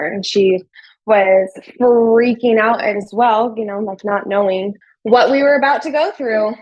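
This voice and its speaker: Chatty woman, kinda high voice, tells it casual and plays out every quote, dry close sound. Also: fairly even intonation, moderate pace, darkish tone, no echo, dull audio. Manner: chatty, fills with "like", acts out quoted dialogue. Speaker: interview guest. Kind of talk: casual storytelling.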